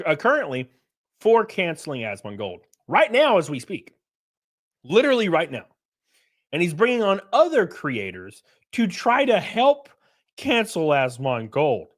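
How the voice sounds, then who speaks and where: A young man hosting a livestream, talking in a blunt, profane and rambling way. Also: sits high. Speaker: livestream host. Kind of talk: casual commentary stream.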